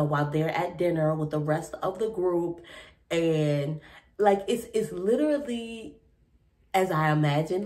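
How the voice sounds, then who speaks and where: A woman with a notably low voice talks through a reality TV episode in a loose, casual reaction style. She is chatty and expressive, with plenty of slang as she reacts. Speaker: reality TV recap host.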